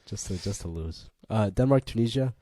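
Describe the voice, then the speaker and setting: Young man, podcast co-host, casual chat, low dark voice, dry close sound. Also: brisk, no room sound. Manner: swearing, playful, bursts of excitement.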